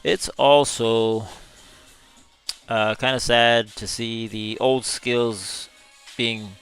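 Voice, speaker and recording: A man's voice: medium pitch, steady tone, extremely slow, a bit bright, clean tone, faint music behind. A male gaming streamer giving live gameplay commentary in a chatty way, reading chat messages aloud and laughing often.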